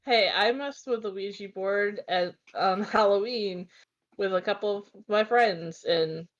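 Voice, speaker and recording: A woman making quick joking interjections in a casual group chat. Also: mid-range voice. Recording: dull lo-fi audio with faint noise.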